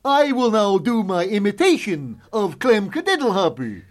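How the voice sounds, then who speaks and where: Goofy moose puppet, high and loud, dim and cheerful, as a man puts it on. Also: sing-song, moderate pace. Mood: mock-innocent.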